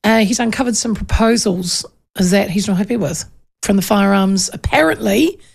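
Chatty New woman, gravelly. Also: medium pitch. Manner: animated, chatty, self-interrupting with quick corrections. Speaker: radio talk show host. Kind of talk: casual storytelling on talk radio.

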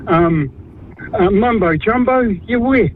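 A man in his fifties with a New Zealand accent, calling in to a radio show and speaking bluntly, with halting restarts. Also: high voice, lively intonation. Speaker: caller. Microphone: phone. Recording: tinny phone line with faint noise.

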